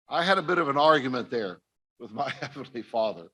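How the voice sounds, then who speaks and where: An older man with a medium-pitched, bright, forceful voice speaks expressively and fairly quickly. He's a missionary on a conference stage, giving an earnest personal testimony directly to his audience.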